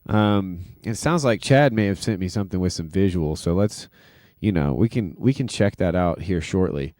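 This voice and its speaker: A man's voice: deep voice, lively intonation, moderate pace, darkish tone, no room sound, studio quality. A man hosting a casual livestream, rambling loosely with lots of fillers and self-deprecating asides. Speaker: livestream host and music producer.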